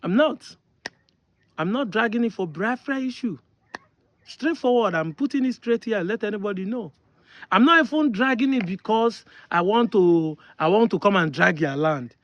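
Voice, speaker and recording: A man's voice: high voice, lively intonation, moderate pace, a bit bright, no room sound, highs cut off. A Nigerian man from Delta State giving an emphatic opinion monologue, insisting on his points and repeating them. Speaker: online commentator.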